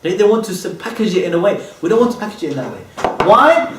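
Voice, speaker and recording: Brief: male lecturer with a high voice who restates each point and checks in often, miked from a distance in a roomy space. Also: sing-song, fast talker, background noise. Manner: keeps asking "okay?" and rhetorical questions; repeats and restates terms. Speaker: Islamic lecturer. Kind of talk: religious lecture. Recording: echoey room, voice from far off.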